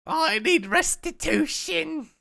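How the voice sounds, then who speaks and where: A man's voice: extremely high pitch, lively intonation, takes it slowly, creaky, sharp tone, voice pushed up, full character voice. A man voicing a desperate old male street beggar in his sixties who wails and pleads for change. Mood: pleading. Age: 60s.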